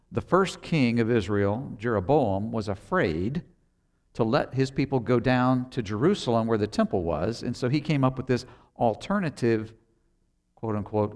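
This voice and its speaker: A man's voice: mid-range voice, moderate pace, darkish tone. A man preaching a sermon, retelling a Bible story conversationally and acting out the characters' lines. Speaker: pastor.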